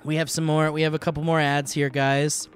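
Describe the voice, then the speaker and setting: A man's voice: a little high, level tone, fairly quick, soft background music. A young man hosting a podcast, reading sponsor ads in a jokey, rambling way. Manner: jokey, playful, rambling ad reads. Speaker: podcast host. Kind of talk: goofy ad reads on a podcast.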